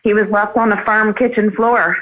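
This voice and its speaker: A woman calling in as a guest, a farm owner, speaking earnestly and haltingly with many fillers. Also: medium pitch, fairly even intonation. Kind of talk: phone call on a livestream. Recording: tinny phone line.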